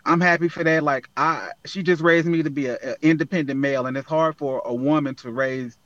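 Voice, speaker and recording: A man with a fairly high voice speaks as a guest in a relaxed interview. He sounds earnest and motivational, talking from the heart. The recording is dry and dull, with a lo-fi edge. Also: fairly quick, no echo. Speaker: guest, app founder. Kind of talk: casual interview conversation.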